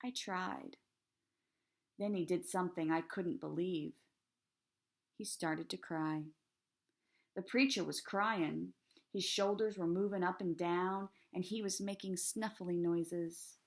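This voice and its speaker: A teacher reading a children's chapter book aloud in a calm, steady storytelling voice. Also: female voice, fairly low pitch, measured pace.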